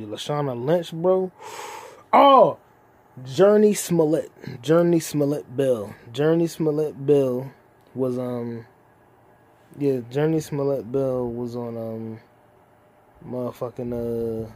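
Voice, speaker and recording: A man in his twenties hosts a solo podcast, rambling and free-associating while swearing constantly. His voice sits at medium pitch with a slightly dark tone, and he talks a little slowly.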